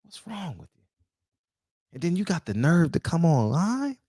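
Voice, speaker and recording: Fired-up man preaching with lively pitch. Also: moderate pace, dry recording, clean studio sound. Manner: preachy, confrontational, repeats rhetorical questions. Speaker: barbershop talk show host. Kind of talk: heated casual monologue.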